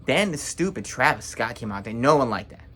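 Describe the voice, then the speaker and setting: A man's voice: medium pitch, lively intonation, fairly bright tone, slightly rough. Blunt, rambling young man recapping matches. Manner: blunt, rambling, quick to judge. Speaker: wrestling reaction vlogger. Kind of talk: casual opinionated recap.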